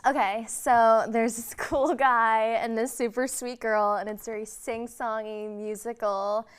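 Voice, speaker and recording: A young woman appearing as a guest on a talk show, cheerful and quick to laugh during a party game. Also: fairly high pitch, little pitch movement, clean tone. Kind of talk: casual game banter.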